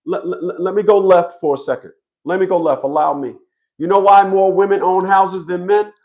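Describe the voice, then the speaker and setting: A man's voice: sits high, steady tone, moderate pace, a little mellow, lo-fi sound. A man giving a blunt, profane monologue to his viewers, often stammering and restarting his sentences. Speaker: online commentator on child support.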